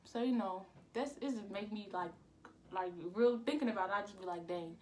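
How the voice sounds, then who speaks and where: A woman's voice: mid-range voice, brisk, darkish tone, slight background noise. A young woman vlogger telling a casual storytime. She rambles, repeats "I'm like" and uses a lot of slang.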